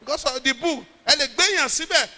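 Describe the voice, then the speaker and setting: A middle-aged Nigerian man, a pastor, telling a lively story in a sermon with jokes and pidgin. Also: very high voice, fast, long reverb tail.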